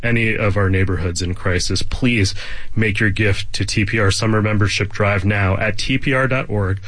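This is a pledge drive appeal and interview in which a male public radio host earnestly thanks donors and speaks appreciatively of a colleague. His pitch is fairly low, his intonation fairly even and his tone fairly bright, delivered at normal speed on a dry recording.

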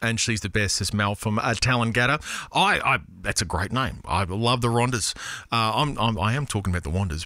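A bright, forward-sounding Australian man hosts a radio show from a studio. He reads listener texts in a loose, rambling, self-deprecating way, full of "uh"s and restarts. The sound is dry and close on a studio mic. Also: medium pitch, expressive, moderate pace, no room sound. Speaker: radio host. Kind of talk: casual radio chat reading listener texts.

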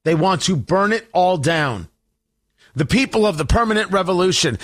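A man hosting a talk radio show, delivering opinionated commentary in an emphatic, deliberate way with sarcastic asides. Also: sits high, animated, a bit bright.

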